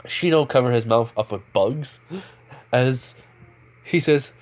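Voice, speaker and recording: A man's voice: medium pitch, a little slow. A man casually narrating an improvised fan-fiction story, rambling along with many fillers and self-corrections.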